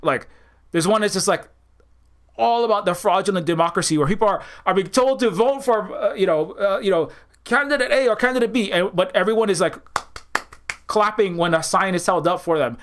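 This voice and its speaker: A man's voice: high-pitched, a little fast. Rambling man in casual commentary. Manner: rambling, many restarts and fillers, laughs at own jokes. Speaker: video creator.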